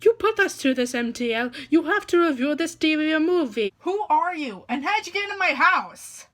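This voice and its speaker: A woman's voice: high-pitched, sing-song, a little slow, a bit bright, full character voice. A woman voicing a pushy female kidnapper who speaks with a put-on Italian accent. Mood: bossy. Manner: bossy, insistent.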